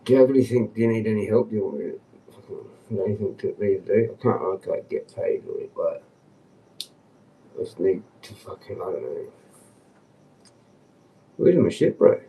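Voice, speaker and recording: A man's voice: fairly quick, creaky, pauses often, mellow. Rambling man, far from the mic. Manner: rambling, agitated, swearing often, mutters low then jumps high. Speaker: livestreamer. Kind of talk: rambling casual livestream monologue. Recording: distant from the mic.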